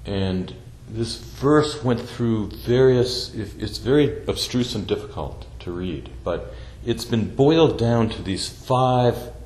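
Slow, deliberate man teaching Zen. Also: medium pitch, darkish tone. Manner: slow, deliberate, repeating phrases for emphasis. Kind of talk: dharma talk. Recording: echoey room with faint background noise.

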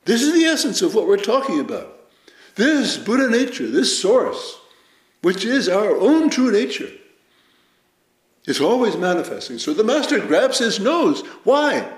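A man giving a Zen dharma talk as teacher, measured and reflective, telling stories with lively emphasis. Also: sits high. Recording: roomy echo.

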